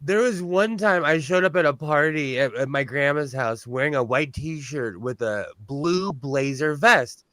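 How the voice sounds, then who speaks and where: A man's voice: fairly high pitch, a little slow, few pauses, bright, forceful tone, no room sound. A man chatting casually on a show, blunt and talkative with a self-deprecating streak. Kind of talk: casual chat. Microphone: on-camera mic.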